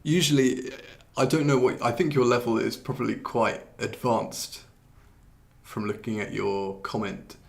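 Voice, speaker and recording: A man, teaching pronunciation in a relaxed, chatty live stream, often restarting his sentences and swearing mildly at his computer. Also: medium pitch, measured pace, vocal fry. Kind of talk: live-streamed lesson, answering viewer comments.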